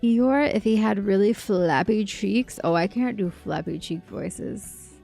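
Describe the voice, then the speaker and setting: Giggly, gravelly woman streamer. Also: mid-range voice, a little slow, warm tone, soft background music. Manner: giggly, self-deprecating chatter. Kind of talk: casual gaming livestream commentary.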